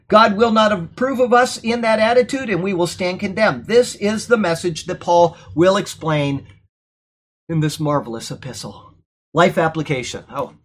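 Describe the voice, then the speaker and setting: A man teaching a Bible class in a church classroom, lecturing in a conversational, animated way and checking in with frequent okays. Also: high voice. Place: church classroom during a thunderstorm.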